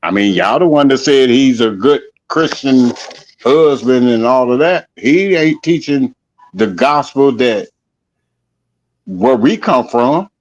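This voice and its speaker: A man's voice: medium pitch, expressive, takes it slowly, lo-fi sound, slight background noise. A man co-hosting a podcast, arguing his point in a heated casual debate and pressing it again and again. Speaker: podcast co-host.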